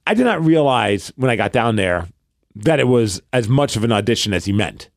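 A man's voice: medium pitch, big pitch swings, moderate pace, creaky, dry recording. A man with a New York accent tells a winding story to his podcast co-host, stumbling over restarts and slipping into the voices of the people he quotes. His voice sits in an ordinary middle register and sounds dry and close, with no room around it. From Brooklyn, New York. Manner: rambling, restarts often, acts out quoted dialogue. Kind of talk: casual storytelling chat.

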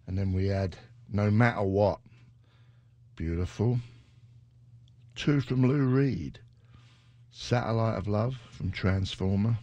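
A man, chatting casually as a radio DJ between songs, rambling and joking. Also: no echo. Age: 60s. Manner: rambling, joking, drops into a sudden high shouting bit. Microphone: studio microphone.

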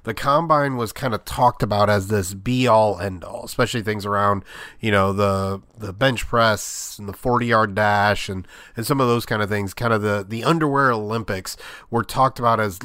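A man's voice: on the low side, steady tone, normal speed, a bit bright, no room sound, studio quality. A man hosting a sports podcast, talking through his views in a rambling, conversational way with lots of fillers. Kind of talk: casual sports commentary monologue.

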